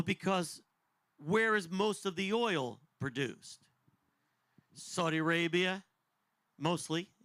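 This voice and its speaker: A man in his fifties giving a conversational, animated end-times Bible teaching as a podcast host, jokey and digressive. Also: high voice, no echo. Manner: animated, jokey, digressive, acts out voices in quotes.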